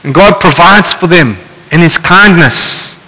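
A man's voice: on the high side, unhurried, bright, forceful tone. Male preacher, casual and wry, reverberant hall. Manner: conversational, wry asides. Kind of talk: sermon with scripture reading.

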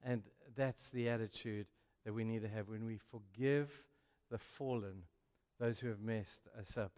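This preacher's voice is fairly low and darkish, with fairly even intonation and a somewhat slow pace. Giving a youth sermon in a hall with long echo, he's chatty and emphatic and keeps dropping "you know."

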